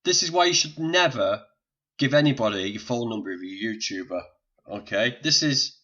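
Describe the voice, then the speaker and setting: A man's voice: mid-range voice, lively intonation, moderate pace, bright, forceful tone. An older man with a Northern English accent hosting a casual live stream, chatting and joking with viewers while sorting out technical problems. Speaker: livestream host. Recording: dull lo-fi stream audio.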